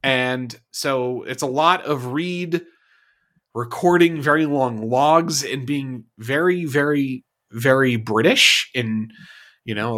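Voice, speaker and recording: A man co-hosting a casual podcast, talking in an animated, jokey way about a TV series. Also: mid-range voice, slow pace. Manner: animated, jokey, puts on whiny mock voices. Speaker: podcast co-host. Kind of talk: casual chat.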